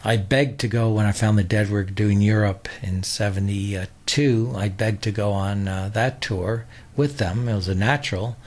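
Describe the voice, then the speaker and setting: Husky older man spinning long stories. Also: fairly low pitch, steady tone, moderate pace, hardly any pauses, darkish tone. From New York. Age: 60s. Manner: chatty, loose, full of "uh" and restarts. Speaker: interview guest. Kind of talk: rambling anecdotal storytelling.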